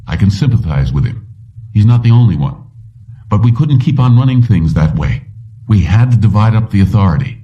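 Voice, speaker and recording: A man voicing a weary middle-aged police commissioner who talks in a somber, measured way. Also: on the low side, very animated, recorded from a distance, muffled recording.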